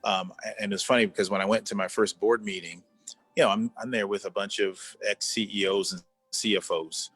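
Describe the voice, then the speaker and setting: A man's voice: on the low side, steady tone, brisk, a bit bright, slightly rough, no echo, faint music behind. A man in his fifties, a former executive, talking earnestly as an interview guest and repeating words for emphasis over a video call. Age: 50s. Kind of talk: conversational interview.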